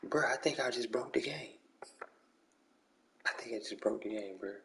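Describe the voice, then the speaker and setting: A man's voice: medium pitch, normal speed, gravelly, noisy background. A man chatting casually with friends during an online game league, slangy and repetitive. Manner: slangy, repeats "bro" and "come on".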